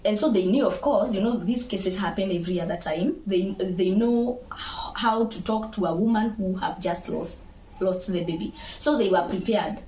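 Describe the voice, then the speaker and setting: A young Kenyan woman with a Kenyan accent, telling her own birth story to viewers in a lively, laughing way and slipping into Swahili. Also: medium pitch, moderate pace. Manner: animated, laughing, mixes Swahili into English. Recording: echoey room.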